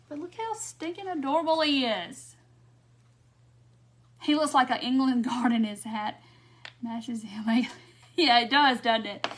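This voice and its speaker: Chatty woman, slightly high voice. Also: fairly bright tone, a little hiss or hum. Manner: chatty, laughs often, answers viewer comments. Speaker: craft tutorial host. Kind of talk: casual live craft demonstration. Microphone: phone or camera mic on a live stream.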